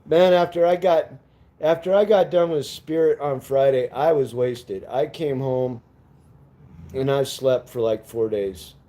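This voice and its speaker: A man's voice: medium pitch, measured pace, dark tone. A man chatting casually with viewers on a live stream from home, rambling, laughing and cursing as he goes.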